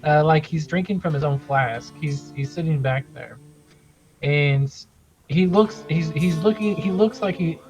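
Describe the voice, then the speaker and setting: A man's voice: on the high side, a little slow, darkish tone. A man running a tabletop game, narrating casually in a rambling way, with swearing. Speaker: game master. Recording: muffled with background music.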